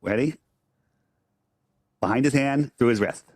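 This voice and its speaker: A man's voice: mid-range voice, unhurried, breathy edge, no echo, clean studio sound. A man on a livestream debating a caller, insistent and repeating himself. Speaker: streamer arguing with a caller.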